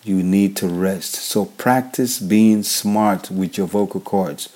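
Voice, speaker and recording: A man's voice: low-pitched, takes it slowly, warm tone. A man from Nigeria with a Nigerian accent, hosting a worship leader podcast and giving casual advice, often repeating his key points. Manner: repetitive, restates key points, frequent fillers. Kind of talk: casual instructional talk.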